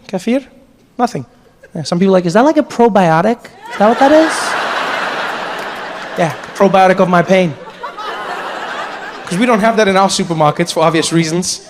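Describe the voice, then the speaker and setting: A man from South Africa performing stand-up comedy, telling stories in an animated, exaggerated way. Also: high voice, slight background noise. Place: large theatre, live audience. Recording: live hall, audience laughter.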